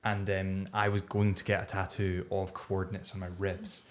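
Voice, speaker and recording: Very deep-voiced man. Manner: relaxed, laughs easily, quick interjections. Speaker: podcast host. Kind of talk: casual chat.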